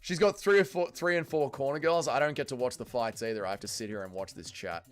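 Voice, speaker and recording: A man's voice: mid-range voice, fast, faint music behind. A young man hosting a casual livestream watch-along, reading viewer chat aloud, bantering and swearing freely. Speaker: livestream host.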